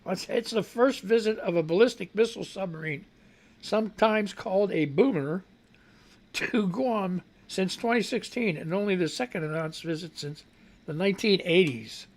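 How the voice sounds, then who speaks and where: A man's voice: high-pitched, moderate pace. A man hosting a live radio show, reading news stories aloud and mocking them with sarcastic, profane commentary; his voice is a bit off. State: voice not quite right.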